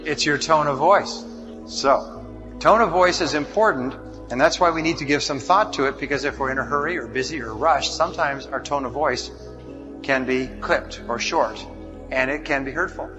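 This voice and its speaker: A man's voice: mid-range voice, moderate pace. A man giving a motivational seminar lecture, working through numbered points. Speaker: motivational speaker. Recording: dull lo-fi recording under music.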